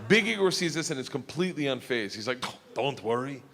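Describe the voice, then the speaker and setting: A male comedian telling a story on stage, loud and animated, laughing through it. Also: medium pitch, quick pace, creaky. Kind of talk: stand-up storytelling. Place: theater stage. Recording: live hall with faint crowd noise. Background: faint audience.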